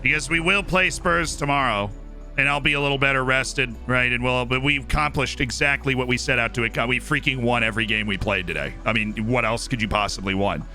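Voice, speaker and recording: A man chats through a livestream of his game with a sharp, bright edge to his voice. He sounds a bit worn out, his voice fraying after long hours, yet he stays upbeat and thanks viewers by name. Faint music plays behind him. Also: medium pitch, a little fast. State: tired, voice starting to go. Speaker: streamer. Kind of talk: casual game livestream commentary.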